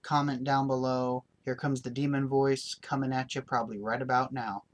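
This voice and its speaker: A man's voice: mid-range voice, flat delivery, normal speed. A man hosting a gaming channel, giving casual show-and-tell in a blunt, opinionated, rambling way.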